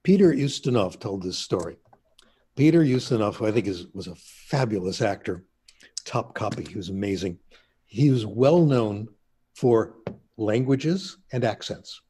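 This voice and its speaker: An older man telling stories in an easygoing interview. His voice is mellow and a little husky. He wanders through anecdotes with asides. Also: lowish voice, expressive, measured pace. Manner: chatty anecdotal storyteller, laughs at himself. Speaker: interview guest, linguist. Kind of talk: casual storytelling.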